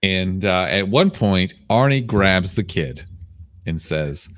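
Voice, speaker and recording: A man's voice: low voice, lively intonation, takes it slowly, fairly bright tone, no echo, studio quality. A man co-hosting a podcast in casual chat, teasing and profane with mock-tough bravado. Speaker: podcast co-host.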